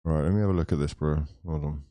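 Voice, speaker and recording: A man's voice: a bass voice, fairly even intonation, fast, mellow, no echo. A young man streaming a live football watchalong, ranting, swearing and bantering with his viewers. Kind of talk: live watchalong commentary and chat.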